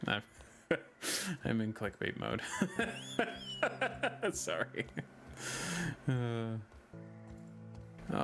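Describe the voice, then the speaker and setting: A young man giving casual gameplay commentary, joking and laughing at himself as he plays. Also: on the low side. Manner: joking, giggly, self-mocking. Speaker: gaming streamer. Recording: music playing under the voice.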